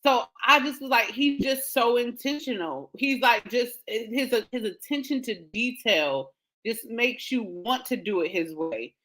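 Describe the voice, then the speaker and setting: A woman hosting a show, telling a personal story in a casual, animated way with frequent laughter. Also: fairly high pitch, unhurried, rough recording. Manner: animated, laughing often, quotes others in dialogue. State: emotional, near tears. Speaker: podcast host.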